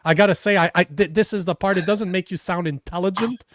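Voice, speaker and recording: A man's voice: high-pitched, fast, no room sound. A man with a French accent co-hosting a political talk show, blunt and swearing freely as he reads viewer comments. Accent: French Canadian. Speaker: podcast co-host. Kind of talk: casual political chat.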